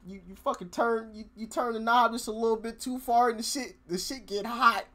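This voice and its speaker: A man hosts a music reaction at a moderate pace, commenting casually in an animated, profane way. He laughs often and swings between loud outbursts and low mutters.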